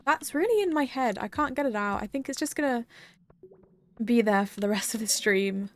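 A woman's voice: on the high side, lively intonation, moderate pace, a little hiss or hum. A young woman chatting casually on a live game stream, rambling and giggling as she talks to her viewers. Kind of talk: casual live-stream chat while gaming.

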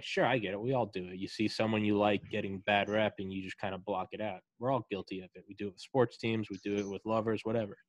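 A man's voice: fairly low pitch, no room sound. A man hosting a podcast interview in casual, joking, profane chat. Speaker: podcast host.

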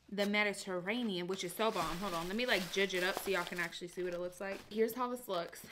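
A young woman with a medium-pitched voice chats casually to camera in a lifestyle vlog, with noise in the background. She's chatty and playful and often calls her viewers y'all.

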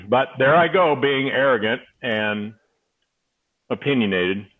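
A man's voice: medium pitch, lively intonation, slow. Wry joking guest man on a tinny line. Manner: wry, self-mocking, joking. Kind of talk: casual talk show banter. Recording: tinny phone-like remote line.

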